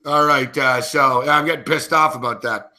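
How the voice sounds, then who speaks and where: A man's voice: medium pitch, steady tone, normal speed, bright, forceful tone. A man co-hosting a sports betting show, talking casually and ranting with lots of swearing. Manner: profane, ranting, worked up. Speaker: co-host and sports handicapper.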